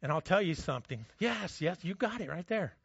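A man preaching a sermon, telling a story with energy and dropping to a hush for the quiet moments. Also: high voice, animated, a little fast, gravelly, husky, dry recording, dull audio. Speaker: pastor.

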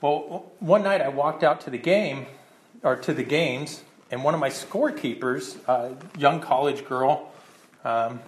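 Casual pastor with echoey sound. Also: male voice, medium pitch, unhurried. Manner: casual storytelling, many repeated words and restarts. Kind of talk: sermon with personal story.

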